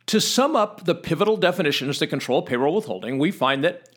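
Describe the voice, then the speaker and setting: Emphatic man explaining with lively pitch. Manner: measured, emphatic, drawing out key words. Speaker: commentator on tax law. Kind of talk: scripted explanatory monologue.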